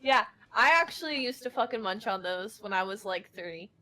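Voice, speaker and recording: A woman's voice: mid-range voice, normal speed, sharp tone. A woman in casual podcast chat, blunt and jokey.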